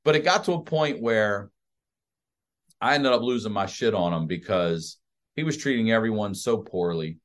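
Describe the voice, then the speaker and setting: A man, a comedian guest on a podcast, telling a hospital story in a casual, profane, animated way. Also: fairly low pitch, normal speed. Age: adult with a child. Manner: animated, profane, acts out other people's voices.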